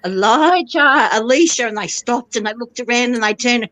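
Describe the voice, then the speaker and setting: A woman's voice: fairly high pitch, flat delivery, fairly quick, a bit bright, slight background noise, rough recording. A middle-aged woman in casual chat, tearful and emotional, laughing through her tears and breaking off halfway through her sentences. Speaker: guest sharing family news.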